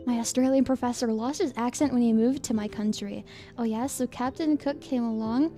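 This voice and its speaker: Giggly high-voiced streamer woman. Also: steady tone, warm tone, soft background music. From United States. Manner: giggly, rambling, quick asides. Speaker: VTuber streamer. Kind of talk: casual chat reading viewer comments.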